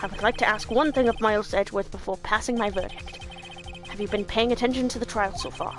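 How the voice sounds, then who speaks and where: A woman voicing a stern older male judge in a game read-aloud, formal and deliberate. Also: medium pitch, steady tone, music in the background, natural voice.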